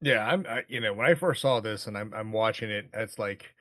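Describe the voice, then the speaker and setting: A man's voice: fairly low pitch, a little fast, fairly bright tone, no room sound, clean studio sound. A man co-hosting a movie podcast, talking casually with lots of fillers and quoted reactions. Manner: rambling, many fillers, quoting lines. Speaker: podcast co-host.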